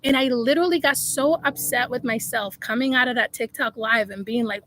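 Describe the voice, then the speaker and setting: A woman's voice: fairly high pitch, brisk, hardly any pauses, a bit bright, slight background noise, low-quality recording. A woman life coach talking live to her viewers, emphatic and preachy, calling them y'all. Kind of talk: live-stream motivational talk.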